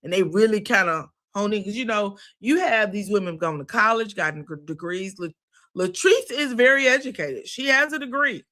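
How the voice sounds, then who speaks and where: A woman's voice: mid-range voice, animated, moderate pace, a bit bright. A woman giving a chatty, sassy recap of a reality show, full of asides. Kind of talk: casual recap commentary.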